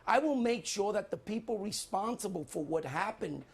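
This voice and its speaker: Gravelly, husky, insistent middle-aged man. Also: sits high, expressive, moderate pace. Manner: defensive, insistent, repeats his points. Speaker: mayoral candidate in a debate. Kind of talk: televised debate answers.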